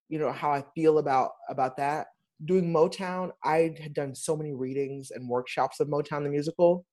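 Male stage performer, guest; animated, chatty, lively swings in pitch. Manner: animated, expressive storyteller. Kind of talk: casual interview talk.

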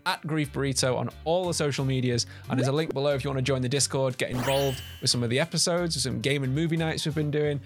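A man's voice: mid-range voice, quick pace, few pauses, soft background music. A man co-hosting a podcast in casual chat, teasing and laughing as he tells a story. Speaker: podcast co-host.

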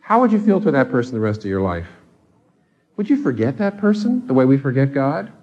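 A man's voice: mid-range voice, very animated, a little fast, darkish tone, breathy edge. Impassioned male preacher, dull recording. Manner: impassioned, with pointed rhetorical questions. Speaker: pastor. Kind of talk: sermon.

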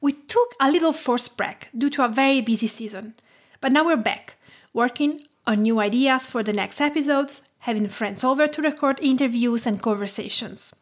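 A woman in her thirties from Tuscany with an Italian accent, calmly narrating her podcast in a measured, sometimes hushed way. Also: on the high side. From Tuscany, Italy. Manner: calm, measured storytelling, often soft and hushed. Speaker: podcast host.

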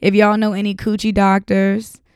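A woman's voice: mid-range voice, completely flat delivery, normal speed, a little mellow, clean tone, dry recording, studio quality. A young woman hosting a solo podcast, talking bluntly with lots of profanity and frequent laughter. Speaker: podcast host.

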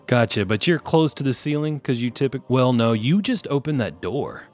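A young man running a tabletop game as game master, teasing the players and slowing down for dramatic description. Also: mid-range voice, animated, a little mellow, faint music behind.

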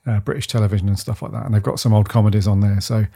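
A man from the UK co-hosting a podcast, chatting in a rambling, enthusiastic way and often letting his phrases trail off softly. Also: on the low side, steady tone, rapid-fire, creaky, breathy edge. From United Kingdom. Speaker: podcast co-host. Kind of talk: casual chat.

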